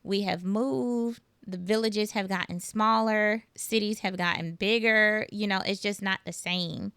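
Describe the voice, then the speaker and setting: A woman hosting a podcast, talking in a relaxed, reflective way and pausing as she asks questions. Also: medium pitch, smooth, no echo. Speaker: podcast host. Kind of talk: casual conversational interview.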